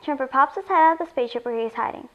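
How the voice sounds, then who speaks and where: A woman reading a children's story aloud in an expressive storytelling voice. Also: high voice, racing, muffled recording. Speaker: story reader.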